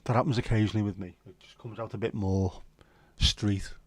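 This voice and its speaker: A man's voice: fairly low pitch, fairly even intonation, fast talker, mellow, no room sound. A man in his fifties hosting a livestream, chatting in laid-back banter with dry jokes and the odd swear. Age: 50s. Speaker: livestream host. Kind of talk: casual chat.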